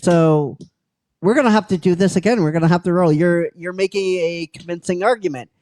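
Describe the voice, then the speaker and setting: Brisk game master calling for rolls. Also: mid-range voice, a little mellow, no room sound, clean studio sound. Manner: brisk, calls for dice rolls. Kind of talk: narrating a tabletop game.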